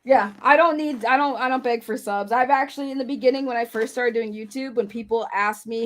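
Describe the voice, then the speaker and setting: A woman's voice: a little high, fast, hardly any pauses. A woman guest on a casual livestream chat, insisting emphatically on her side. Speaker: streamer guest.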